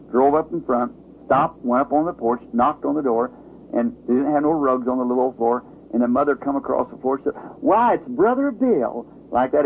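A man, a preacher telling a story as sermon testimony, his pitch climbing at the dramatic turns. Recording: tinny old lo-fi recording with faint hiss.

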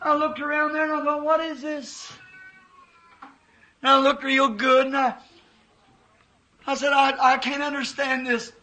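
In a poor-quality recording, a man preaches a passionate, emotional sermon in a very high, bright voice. He talks slowly, stretching out his testimony and voicing the people he quotes from his vision, though his delivery comes across flat.

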